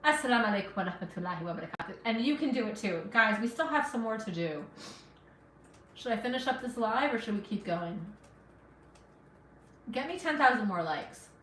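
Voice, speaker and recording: A woman's voice: a little high, lively intonation, a little fast, pauses often, fairly bright tone, far from the mic, slight background noise. Chatty woman cooking in an echoey kitchen. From Afghanistan. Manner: chatty, encouraging, talks to viewers while cooking. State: sniffling from allergies. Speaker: cooking livestreamer. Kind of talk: casual live cooking stream chat. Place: home kitchen.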